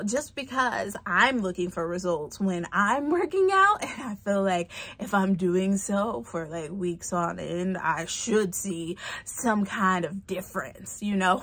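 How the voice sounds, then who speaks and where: A young adult woman vlogging casually about fitness into a phone camera, chatty and expressive, with quick laughs and whispered asides. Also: medium pitch.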